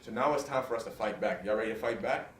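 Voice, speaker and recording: A man giving a motivational speech to students, leading loud call-and-response chants. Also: on the low side, fast talker. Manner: energetic call-and-response, hyping up the crowd. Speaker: guest motivational speaker. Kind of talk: motivational school assembly speech. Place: large school hall with a student audience. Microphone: recorded from a distance. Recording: echoey hall, distant mic, faint noise.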